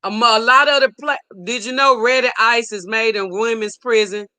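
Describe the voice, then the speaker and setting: A woman's voice: on the high side, fairly even intonation, moderate pace, bright, forceful tone. A middle-aged woman hosts a live stream, reading viewer comments aloud and preaching emphatically, repeating her points for emphasis. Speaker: livestream host.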